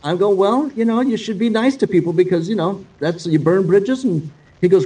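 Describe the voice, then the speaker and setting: A male guest guitarist telling stories in a casual, animated, profane way, acting out the dialogue he quotes. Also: high-pitched, normal speed, recorded from a distance, low-quality recording. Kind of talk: casual storytelling.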